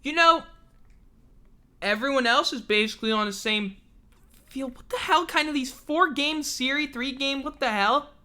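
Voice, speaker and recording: A woman's voice: sits high, normal speed, pushed and bright. A woman hosting a casual livestream sports show, ranting in an exasperated, profane way. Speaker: sports talk show host.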